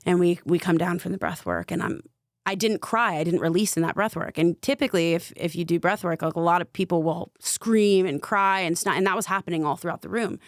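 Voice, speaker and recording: Brief: young woman, low gravelly tone, dry close sound, loose storytelling with lots of "like". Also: brisk, no echo. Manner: chatty, fillers of "like", vivid retelling. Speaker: podcast guest, spiritual coach. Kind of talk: casual storytelling.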